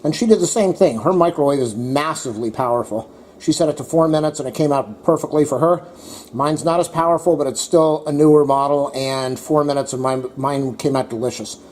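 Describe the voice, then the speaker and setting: A man's voice: fairly high pitch, fairly quick, darkish tone. A man chatting to his viewers in a casual home cooking vlog, talking to his dog between bites. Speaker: cooking vlogger.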